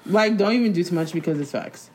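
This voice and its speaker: A young woman with a lowish voice chats casually as a podcast co-host. She talks bluntly and with animation, leaning on "like" between thoughts. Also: fast talker, a little mellow, slight background noise. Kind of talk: casual chat.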